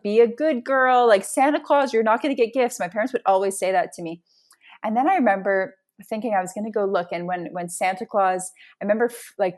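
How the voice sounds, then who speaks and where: A woman in a casual spiritual chat, talking emphatically and building intensity as she tells her stories. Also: mid-range voice. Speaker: podcast guest.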